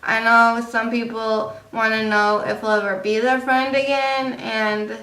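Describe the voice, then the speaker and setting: Slow, bright-voiced young woman rambling. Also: fairly high pitch, flat delivery. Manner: rambling, filler-heavy, confiding. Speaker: vlogger. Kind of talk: casual rambling vlog monologue. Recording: echoey room, distant mic.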